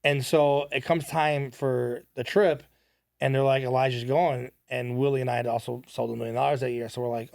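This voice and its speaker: A man's voice: mid-range voice, moderate pace, creaky, no echo, studio quality. A young man, a podcast guest, telling a story casually and animatedly, quoting people as he goes. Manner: animated, quotes people in his stories.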